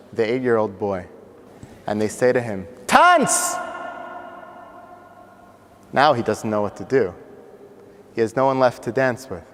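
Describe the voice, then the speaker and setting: A man telling a story dramatically, acting out voices and swinging between loud and soft. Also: medium pitch. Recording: long reverb of a hall.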